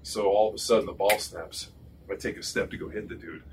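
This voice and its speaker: A deep-voiced man in his forties tells loose, swearing-laden football stories full of fillers. He sits away from the mic, and a clear background hum runs under him. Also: steady tone, a little fast, recorded from a distance. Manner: profane, rambling, full of fillers. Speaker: former pro football player telling stories. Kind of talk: casual storytelling.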